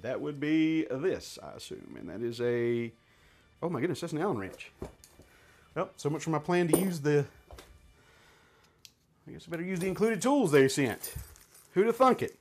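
A man's voice: a little high, very animated, moderate pace, pauses often, a little hiss or hum. A man reviewing gear in a casual hands-on demonstration, chatting and thinking aloud as he handles each part.

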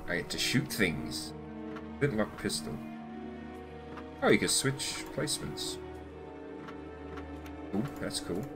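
A man's voice: fairly low pitch, big pitch swings, slow, long pauses, over loud music. A man casually commenting while playing a video game, reading notes aloud and laughing. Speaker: gaming channel host. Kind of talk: casual let's play commentary.

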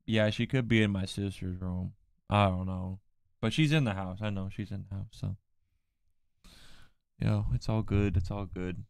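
A man's voice: lowish voice, steady tone, normal speed, gravelly, pauses often, a little mellow, smooth, no echo. A man streaming live, chatting casually and trading teasing jokes with his viewers. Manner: joking, teasing banter. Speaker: livestreamer. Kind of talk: casual livestream chat.

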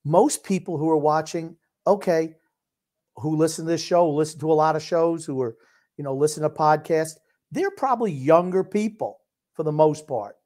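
A man's voice: a little high, moderate pace, a little mellow. An older man co-hosting a casual sports podcast, blunt and opinionated. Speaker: podcast co-host.

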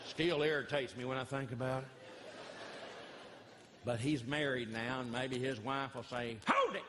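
A middle-aged man telling animated, folksy comic stories as a Christian comedian in front of a live audience. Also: mid-range voice, measured pace, background noise. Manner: folksy, animated, acts out voices of others. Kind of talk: live stand-up storytelling. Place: church hall with a live audience.

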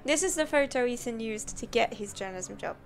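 A woman's voice: a little high, lively intonation, fairly quick, slight background noise. A woman streamer improvising a playful story over game screenshots, laughing often. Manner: giggly, playful, rambling. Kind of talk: improvised storytelling, casual chat.

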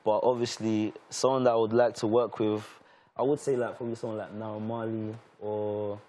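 A man's voice: fairly low pitch, level tone, a little fast, warm tone. A man with a London accent, a guest musician chatting casually in an interview, laid-back and hesitant with many fillers. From Nigeria.

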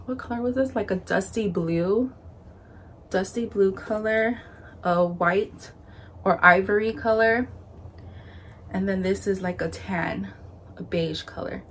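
A young woman vlogger talks through a haul at an unhurried pace, her words loose and chatty with plenty of fillers. She sounds a little out of breath, and a faint hum of room noise sits behind her. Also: mid-range voice, pushed and bright. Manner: chatty, lots of "like" and "um", shows items to camera. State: a bit out of breath. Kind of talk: casual haul video chat.

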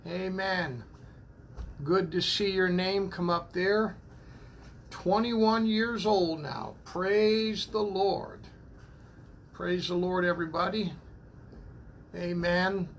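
Slow gravelly man greeting viewers. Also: sits high, steady tone, slight background noise. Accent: New England. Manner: slow, repeats praise the Lord and amen between names. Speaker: church minister greeting online viewers. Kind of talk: casual livestream greeting. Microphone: phone propped up.

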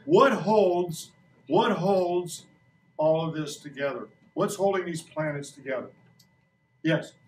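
Man, 60s, playful classroom science teacher; slightly high voice, roomy distant classroom sound. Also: slow, a little hiss or hum. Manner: playful, joking, asks kids questions. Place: school classroom. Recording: echoey classroom recorded from a distance.

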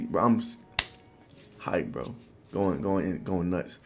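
A man in his twenties telling a personal story to the camera in a casual, animated, slangy way. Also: low-pitched, takes it slowly, very noisy. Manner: animated, loose slangy talk full of "bro". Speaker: vlogger.

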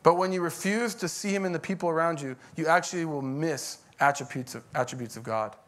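A man's voice: a little high, a little fast, a bit bright. A middle-aged man, a pastor, preaching a conversational sermon that rises into emphatic bursts.

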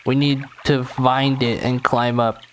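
A man's voice: mid-range voice, level tone, unhurried, slight background noise, lightly acted. A man reading as a bossy old cave guide. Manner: plain reading of game dialogue. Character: talkative older man guiding through a cave.

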